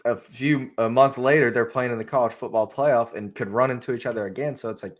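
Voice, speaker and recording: A man's voice: medium pitch, fairly even intonation, a little fast. A young man co-hosting a casual sports show, talking in long rambling runs full of fillers and restarts. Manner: rambling, filler-heavy, laid back. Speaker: podcast co-host.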